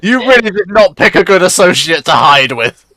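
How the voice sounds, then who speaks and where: A man's voice: sits high, big pitch swings, moderate pace, pushed and bright, dry recording. A man narrating as game master of a tabletop game, playful and joking with the players. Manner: playful, laughs along.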